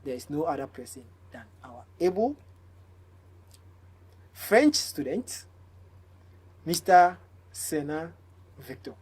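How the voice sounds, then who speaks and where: A woman's voice: low voice, big pitch swings, takes it slowly, long pauses, a little mellow. A woman from Ghana hosting a French lesson, explaining in English and French. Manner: clear explanatory delivery, switching between English and French. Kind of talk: presenting a language lesson.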